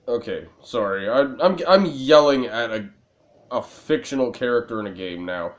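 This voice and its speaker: A man's voice: on the low side, lively intonation, normal speed. A man casually commenting as he plays a video game, joking, profane and rambling. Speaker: let's play gamer.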